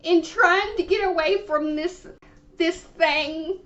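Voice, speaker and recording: A woman's voice: extremely high pitch, slow pace, a bit bright, muffled recording, heavily acted. A woman playing a timid, rambling elderly lady caller who stammers and halts as she talks. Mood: tearful rambling.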